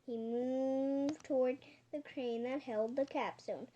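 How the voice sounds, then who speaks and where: A woman reading a children's storybook aloud, halting now and then and correcting herself. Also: sits high, fairly even intonation, warm tone, dull audio. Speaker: audiobook reader.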